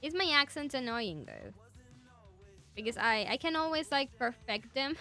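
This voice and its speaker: Bright young woman, Spanish accent. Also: sits high, expressive, moderate pace, soft background music. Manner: enthusiastic, rambling. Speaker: streamer. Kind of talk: casual chat with viewers.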